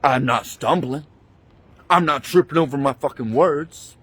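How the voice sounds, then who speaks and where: A man's voice: mid-range voice, unhurried, a bit bright, husky. A man angrily retelling a bad experience in a profane, indignant rant, talking into a handheld phone he keeps switching between hands. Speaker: vlogger. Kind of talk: angry storytime rant.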